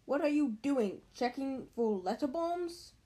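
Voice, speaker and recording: Woman doing a bullying uncle, blustering, bellowing, slightly high voice. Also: animated, a little slow. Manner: loud bellowing, stammering when scared.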